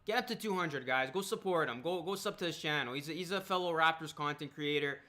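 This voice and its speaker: A man's voice: a little high, fast, bright, forceful tone. A man hosting a fan live stream, calling the plays of a basketball game and chatting upbeat with viewers, greeting them by name. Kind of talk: live-stream play-by-play and chat shout-outs.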